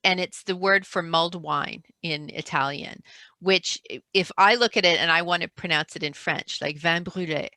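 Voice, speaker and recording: Low gravelly-voiced woman chatting on a call. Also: moderate pace, bright, forceful tone, no room sound. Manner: chatty, self-interrupting, laughs often. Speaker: author. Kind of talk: casual chat. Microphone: video call.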